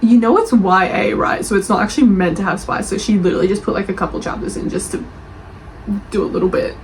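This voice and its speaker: A young woman reading book reviews aloud and reacting with animated, defensive chat. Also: mid-range voice, fast, a little hiss or hum, poor audio. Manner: animated, gushing, defensive, laughs often.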